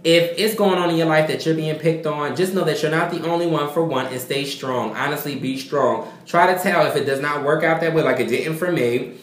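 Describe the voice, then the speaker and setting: A man's voice: fairly high pitch, fairly quick. A young man, talking earnestly and rambling in an emotional personal vlog, swearing casually. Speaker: vlogger. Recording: echoey room.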